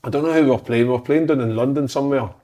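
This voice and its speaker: A man's voice: mid-range voice, rapid-fire, dark tone. A man, a former footballer swapping rambling, profane stories on a podcast. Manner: profane, rambling anecdotes with restarts. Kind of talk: casual podcast storytelling.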